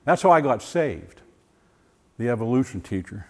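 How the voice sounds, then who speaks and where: An older man giving a personal testimony, animated and full of restarts, acting out voices as he tells the story. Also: medium pitch, moderate pace. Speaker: former science teacher giving a testimony. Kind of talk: personal testimony talk to a group.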